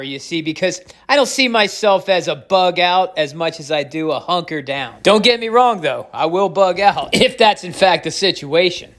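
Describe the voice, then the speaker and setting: A man's voice: sits high, bright, forceful tone. Dry-humored man hosting a vlog. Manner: dry self-mocking humor. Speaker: host of a stacking channel. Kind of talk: casual unboxing vlog chat.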